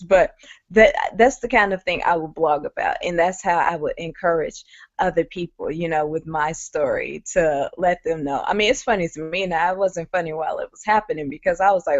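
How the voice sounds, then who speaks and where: A woman's voice: lowish voice, moderate pace, no echo. Candid woman telling her story, lo-fi. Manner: candid, conversational, many fillers. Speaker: guest speaker. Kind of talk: personal story on a webinar. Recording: muffled lo-fi audio.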